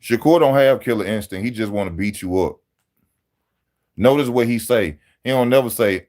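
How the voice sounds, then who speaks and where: A man talking casually on a live stream, animated and slangy, laughing often as he answers chat about boxing. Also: mid-range voice, moderate pace. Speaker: boxing channel host reading live chat.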